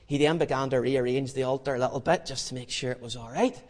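A man telling a Bible story in an animated, humorous sermon, acting out the scenes. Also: mid-range voice, fast, long reverb tail. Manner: lively, acts out the story, humorous. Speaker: preacher.

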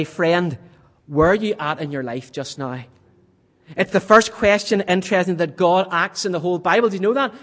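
A man delivers a sermon from the pulpit in a fairly high voice. He builds to loud, vivid passages and then sinks to hushed, near-whispered questions. The sound carries a long reverb from the church around him. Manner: dramatic swings from loud to hushed. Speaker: preacher.

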